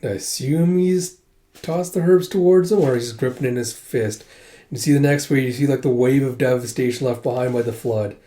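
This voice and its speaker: A man with a warm, relaxed voice in a mid register gives a casual read-through of a manga. He strings the scenes together loosely and throws in offhand asides, like a fan chatting through the story. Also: medium pitch, moderate pace. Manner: retells scenes with 'it's like' between quoted lines. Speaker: manga recap host.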